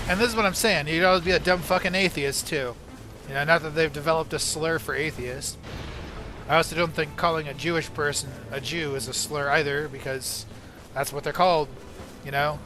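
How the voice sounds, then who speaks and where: A slightly high-voiced man goes on a heated, swear-filled rant while he plays through a video game. His live-stream commentary is loose and argumentative. Game music plays clearly underneath his voice. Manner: profane, argumentative ranting.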